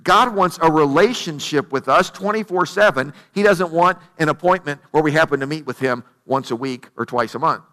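A man preaching with a notably high, bright and forward voice. He tells the story conversationally and keeps asking rhetorical questions. The delivery is a sermon in plain everyday words. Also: moderate pace, few pauses, big-room sound. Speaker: pastor.

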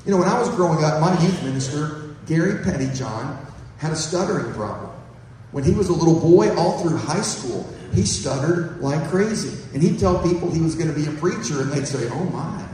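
A man's voice: on the high side, lively intonation, brisk, darkish tone, a little hiss or hum. A man preaching a conversational sermon and reading from scripture. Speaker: pastor. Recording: echoey hall, distant mic, faint ambience.

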